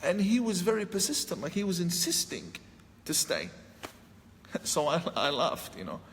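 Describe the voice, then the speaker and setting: A man with a fairly high voice tells a personal story in an animated way, throwing his voice up when he acts out what he once said. The sound carries a long hall reverb with faint ambient noise behind him. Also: moderate pace. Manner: animated, acts out his own past lines with raised voice. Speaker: speaker telling a personal story. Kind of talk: storytelling talk.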